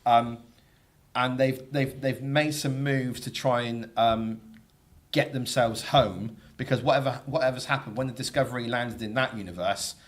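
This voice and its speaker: A man co-hosting a podcast, giving relaxed, measured commentary in casual chat. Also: medium pitch. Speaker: podcast co-host.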